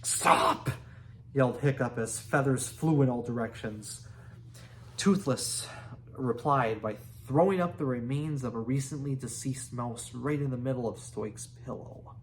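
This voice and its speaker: A man reading a children's book aloud, unhurried, with restarts and small asides. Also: medium pitch, noisy background. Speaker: reader.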